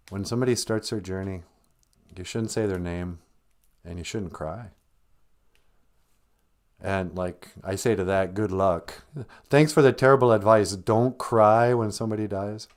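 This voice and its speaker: A man with a fairly low voice talks casually on a live stream, joking gently at his own expense. He sounds close to tears as he speaks. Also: measured pace, pauses often. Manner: joking, self-deprecating, gentle.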